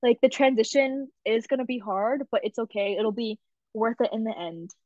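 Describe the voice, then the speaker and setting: A woman's voice: on the high side, normal speed, no room sound. Young adult female host, casual storyteller, lo-fi dry mic. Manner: animated, laughs often, lots of "like" fillers. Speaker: podcast host. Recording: dull lo-fi dry recording.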